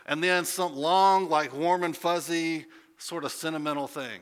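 A man's voice: a little high, fairly even intonation, measured pace, clear, resonant tone. A man preaching a conversational sermon, asking rhetorical questions and building to emphatic points. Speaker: pastor.

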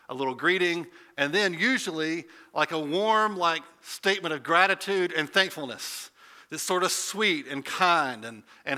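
A man with a bright, forceful voice, preaching in a lively, conversational way. His pitch sits a little high for a man, and he keeps tossing rhetorical questions to the room. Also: normal speed. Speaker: pastor. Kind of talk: sermon.

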